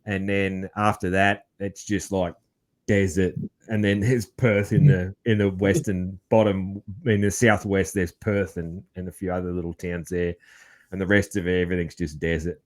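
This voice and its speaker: An Australian man hosting a podcast, talking in a relaxed, rambling way with lots of fillers and calling his guest man. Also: sits low, moderate pace. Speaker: podcast host. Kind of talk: casual interview chat.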